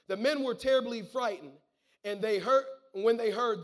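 Fervent male preacher with a very high voice who peppers his sermon with amens and repeats words. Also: normal speed. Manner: fervent, punctuates with calls of amen and hallelujah; repeats words and restarts phrases. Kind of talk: sermon, reading and preaching scripture.

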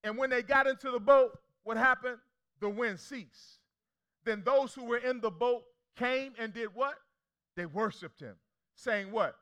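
A young male pastor preaching with a high, very bright, ringing voice. He drives points home through repetition and keeps throwing questions out to the congregation. It sounds like a lively sermon delivered from the pulpit. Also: measured pace. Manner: preacherly call-and-response, emphatic repetition.

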